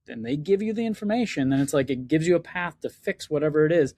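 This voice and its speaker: A man co-hosts a relaxed podcast on inventing, speaking in a slightly high voice. He tells stories with energy and acts out the lines of the people he quotes. The recording is dry and close, with little room sound. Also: quick pace, no echo. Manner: animated storyteller, acts out quoted dialogue. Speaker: podcast co-host, inventor coach. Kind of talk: casual chat.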